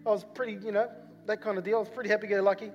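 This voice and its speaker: A man's voice: high-pitched, level tone, racing, a little mellow, dull audio. A man from New Zealand with a New Zealand accent, preaching a sermon as a rambling personal story full of fillers and repeats. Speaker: pastor. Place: church hall. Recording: long church hall reverb with faint music.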